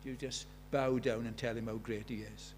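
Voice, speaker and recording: A man preaching a sermon in a church, emphatic, asking rhetorical questions and swinging from loud to hushed. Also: mid-range voice, flat delivery, normal speed.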